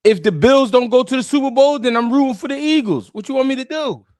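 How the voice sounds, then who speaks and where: Animated high-voiced male streamer. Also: fast, no echo, clean studio sound. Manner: animated, slangy, talks straight to chat. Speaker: live stream host. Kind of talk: casual live-stream chat.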